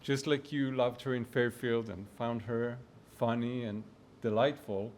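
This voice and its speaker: Man remembering his mom at the memorial, halting, bit of hiss behind. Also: medium pitch, steady tone, darkish tone. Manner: halting, hesitant. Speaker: son of the deceased, eulogy speaker. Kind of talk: unprepared memorial remarks.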